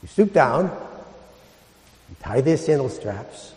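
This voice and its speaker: A man's voice: mid-range voice, sing-song, slow pace. Man preaching a homily in an echoey church. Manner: storytelling, rhetorical questions, soft dramatic drops. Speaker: priest.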